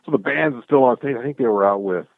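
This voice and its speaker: A man guest chatting casually, telling stories in an excitable way and acting out the back-and-forth. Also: medium pitch, fast talker, vocal fry, dry recording. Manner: excitable, acts out quoted exchanges. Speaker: guest, clothing brand founder. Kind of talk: casual storytelling chat. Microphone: call audio. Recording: tinny phone-like call line.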